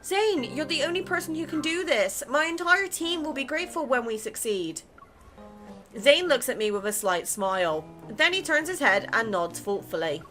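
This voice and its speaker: Bright, animated woman reading a game. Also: sits high, moderate pace. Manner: playful, chatty, giggly. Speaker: gaming content creator. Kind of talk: reading a romance game aloud. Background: game music.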